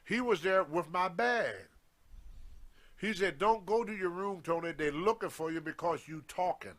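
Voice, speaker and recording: A man's voice: high voice, moderate pace. An older man, telling a wrestling story casually and acting out the lines of the people in it. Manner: animated anecdote, acting out quoted lines. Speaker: guest storyteller on a wrestling show.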